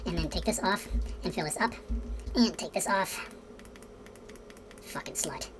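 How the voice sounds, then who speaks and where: A woman hosts a laid-back building tutorial over music, speaking at medium pitch and moderate pace. She talks right to her viewers, counts the blocks aloud, and swears softly when pieces don't line up.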